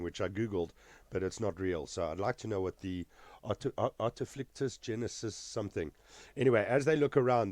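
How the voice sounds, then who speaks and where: Man, movie reaction host, casual rambling commentary, lowish voice, dry close sound. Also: darkish tone, no echo. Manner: rambling, with many fillers and restarts.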